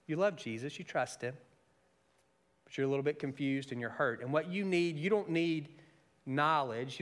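A man preaching a sermon, moving between soft, intimate asides and raised, emphatic storytelling. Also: medium pitch. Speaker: pastor.

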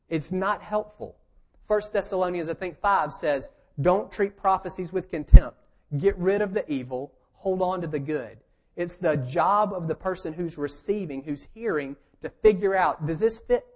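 A man preaching a conversational sermon, joking and emphatic as he teaches. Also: high-pitched. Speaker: pastor.

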